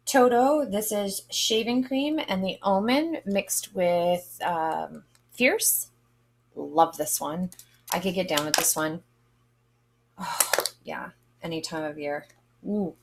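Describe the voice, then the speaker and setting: A woman vlogger giving a casual, chatty product review, lively and expressive with drawn-out exclamations. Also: medium pitch. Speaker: vlogger reviewing wax melts.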